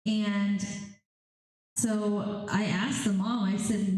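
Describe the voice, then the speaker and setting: Woman, panel storyteller, animated, quoting others in quick bursts, mellow voice, very echoey room. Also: medium pitch. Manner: animated, quotes spirits and clients in quick bursts. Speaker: medium on a convention panel. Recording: echoey room, heavy reverb.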